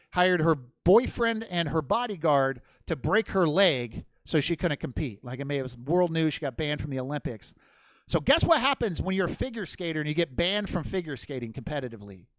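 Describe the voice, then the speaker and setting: A man's voice: sits high, fairly bright tone, dry recording. A man telling a rambling, profane story as a stand-up comedian on a comedy theater stage.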